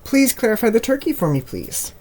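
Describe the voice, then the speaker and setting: A man giving a casual tarot reading to camera in a relaxed, rambling way with frequent ums, his voice a little worn, recorded on a camera mic at home with birds heard behind him. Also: on the high side, normal speed, noisy background. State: slightly losing voice. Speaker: tarot reader. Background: birds chirping.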